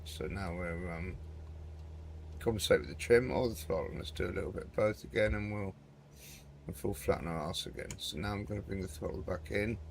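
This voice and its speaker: A man's voice: low-pitched, fairly quick, vocal fry, a little hiss or hum. A man hosting a flight simulator game video, chatting casually and rambling as he flies, often calling the viewer mate. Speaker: gaming channel host. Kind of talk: casual gameplay commentary.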